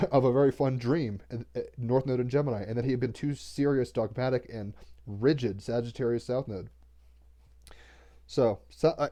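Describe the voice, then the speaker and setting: A man giving a casual spiritual monologue as an oracle card reader, rambling and excitable, swearing casually and mixing loose chat with card text read aloud. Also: medium pitch.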